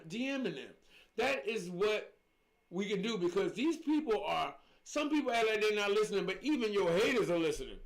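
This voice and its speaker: A middle-aged man, speaking in a fairly high voice. He talks casually on a livestream as a spiritual coach, and he preaches with emphasis and repeats his points. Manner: emphatic, preachy storytelling with repetitions.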